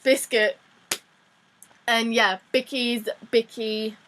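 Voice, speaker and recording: A woman's voice: a little high, steady tone, takes it slowly, background noise. A young Australian woman with an Australian accent, chatting and giggling through a casual vlog lesson with frequent restarts. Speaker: vlogger teaching slang.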